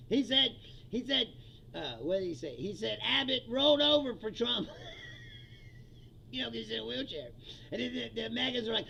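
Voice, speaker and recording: A man rants on his livestream, swearing freely and breaking into laughter. His voice is pitched high and very gravelly, with a bright, forceful edge. Faint background noise sits under the talk. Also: very animated, normal speed, pauses often, poor audio. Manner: profane, laughing, heated. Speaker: livestream host. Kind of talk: casual political rant.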